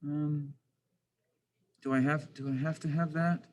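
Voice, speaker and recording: A man's voice: a little high, flat delivery, measured pace, darkish tone, rough recording. A man teaching a screen-recorded drafting lesson, thinking aloud with lots of restarts, self-questions and grumbling asides. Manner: frustrated, self-deprecating asides.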